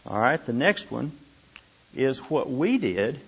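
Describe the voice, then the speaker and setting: A man teaching a group how to study scripture, animated and repeating words for emphasis. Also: mid-range voice, slow pace, vocal fry, breathy edge. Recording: dull lo-fi room recording.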